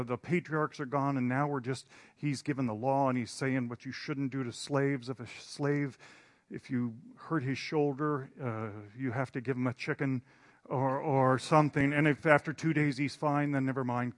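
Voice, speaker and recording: A man's voice: medium pitch, fairly even intonation, normal speed, dry recording, clean studio sound. A man preaching in a storytelling style, rambling and self-deprecating, with hesitant restarts. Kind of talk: storytelling sermon.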